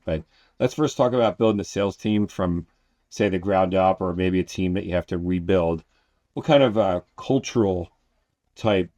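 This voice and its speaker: A man's voice: low-pitched, darkish tone, no echo, studio quality. A man hosting a podcast, chatting loosely with his guest and asking questions. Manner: loose, chatty, with restarts and filler. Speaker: podcast host. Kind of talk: casual interview chat.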